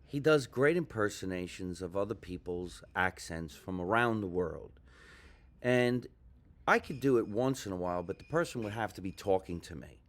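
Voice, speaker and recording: A male comedian hosting a casual podcast from a ship lounge before a show. He talks enthusiastically and keeps asking questions, in a somewhat low voice. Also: lively intonation, moderate pace.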